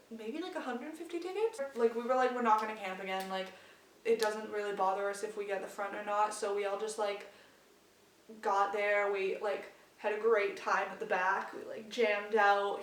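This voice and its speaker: A woman's voice: mid-range voice, a little hiss or hum. Chatty young woman gushing on a vlog. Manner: excited, gushing, full of "like" fillers. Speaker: vlogger. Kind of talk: casual storytelling vlog. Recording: roomy sound from a distance.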